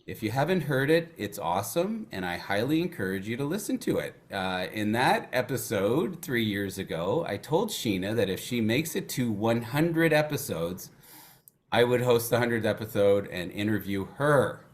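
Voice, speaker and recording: A man's voice: lowish voice, big pitch swings, moderate pace. A man hosting a podcast episode in a jokey, upbeat way and laughing often. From Canada. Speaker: guest host.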